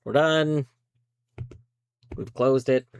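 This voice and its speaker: A streamer with a mid-range voice and a clean, dry sound with no room echo draws out words while commentating a live game. They describe every move and yelp without warning when things go wrong.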